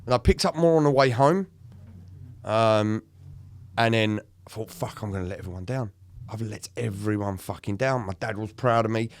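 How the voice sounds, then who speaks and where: A man's voice: fairly low pitch, normal speed, smooth, no echo. A man, candidly telling a story about himself in a podcast chat, swearing and acting out what people said. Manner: emotional, swearing, acts out quoted lines. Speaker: podcast co-host in recovery.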